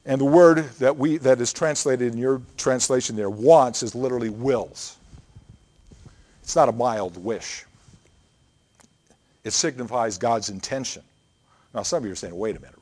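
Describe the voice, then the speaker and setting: A man preaching a sermon, earnest and emphatic, building points through repeated phrases and reading scripture aloud. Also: mid-range voice. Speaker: pastor.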